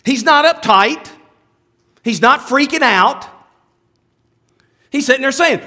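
Man, pastor, sermon, very high voice, lively swinging pitch, chatty with asides. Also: measured pace, pauses often. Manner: conversational preaching with many asides and restarts; asks the listeners rhetorical questions.

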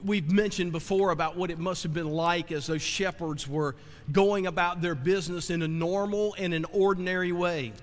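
A male pastor preaching in a church sanctuary, with a fairly high voice that lingers in a long reverb. He talks earnestly, restarts his phrases and keeps asking the congregation rhetorical questions. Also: fairly bright tone. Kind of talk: sermon.

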